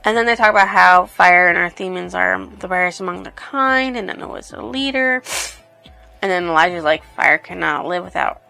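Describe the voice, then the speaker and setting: A woman's voice: fairly low pitch, normal speed, creaky, bright, forceful tone, faint music behind. A woman casually reviewing a book, retelling the plot in a rambling way. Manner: rambling, lots of "she's like".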